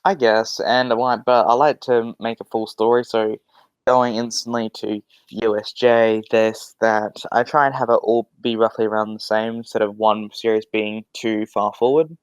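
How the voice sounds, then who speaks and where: A man's voice: fairly low pitch, flat delivery, moderate pace, smooth, no room sound. A young man in casual podcast chat, rambling and swearing, with many restarts. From Australia. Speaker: podcast guest.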